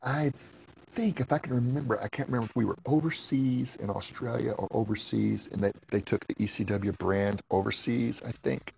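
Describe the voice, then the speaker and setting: A man's voice: mid-range voice, normal speed, creaky, a little mellow, a little hiss or hum, low-quality recording. A man as a podcast guest, telling stories in a laid-back, casual way, swearing freely and laughing between lines. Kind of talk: casual storytelling chat.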